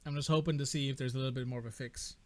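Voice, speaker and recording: A man's voice: mid-range voice, fairly even intonation, very fast, no echo. A man giving casual, swearing commentary while playing through a video game. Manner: casual, swears, reacts loudly. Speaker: let's play gamer. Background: game music.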